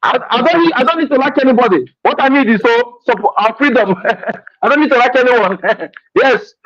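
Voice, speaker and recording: High-pitched Nigerian man, lo-fi line. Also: lively intonation, moderate pace, fairly bright tone. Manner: emphatic, repeats himself, laughs often. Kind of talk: casual chat.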